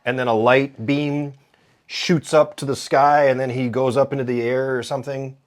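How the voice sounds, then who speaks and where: A man's voice: mid-range voice, flat delivery, normal speed. A man co-hosting a comedy podcast, laid-back, reacting with short quips and joining in on the jokes. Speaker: podcast co-host. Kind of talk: casual comedic chat.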